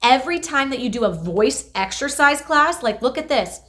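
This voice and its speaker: Bright-voiced woman explaining exercises. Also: high voice, normal speed. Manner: energetic, emphatic explaining. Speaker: speech therapist. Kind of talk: instructional health video.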